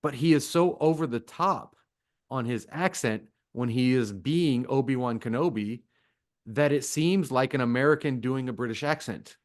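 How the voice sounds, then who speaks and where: A man's voice: medium pitch, moderate pace. A man co-hosting a podcast, talking conversationally about a book. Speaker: podcast co-host. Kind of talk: casual book discussion.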